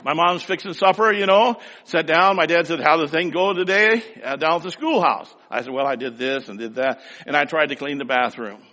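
A man's voice: a little high, brisk, hardly any pauses, bright, forceful tone. Folksy preacher man in a reverberant hall. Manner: folksy anecdotal storytelling, rising to emphatic scripture reading. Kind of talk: storytelling sermon.

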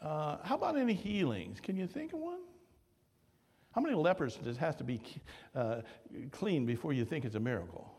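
A man's voice: on the high side, sing-song, normal speed, darkish tone, slightly rough, in a large hall. A male pastor preaching conversationally, asking the congregation questions and retelling stories in dialogue. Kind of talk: sermon.

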